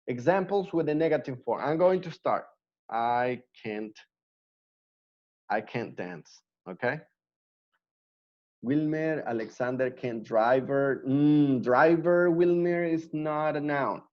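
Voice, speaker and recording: Slow, patient male English teacher. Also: on the high side, muffled recording. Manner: patient, repeats words slowly for drilling. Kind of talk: online class teaching.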